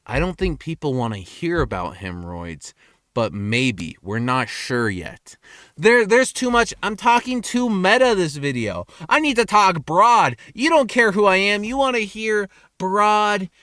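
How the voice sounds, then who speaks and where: A man's voice: a little slow, no echo. Crude rambling young man, dry close sound. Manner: crude, self-mocking, lively swings in pitch. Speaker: vlogger. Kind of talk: rambling casual rant. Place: car in a parking lot at night.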